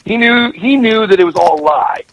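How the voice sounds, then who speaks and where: On a low-quality recording, a middle-aged man with a high-pitched, fairly bright voice speaks at a moderate pace. He's a guest caller and professional gambler on a call-in show, heatedly recounting a story full of profanity, emphasis, and repeated words.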